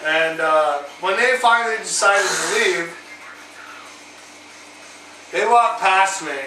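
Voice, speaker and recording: A man hosting his own vlog, telling a crude, profane story over drinks in a rambling, animated way. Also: high-pitched, slow, roomy sound, distant mic, background noise. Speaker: vlog host.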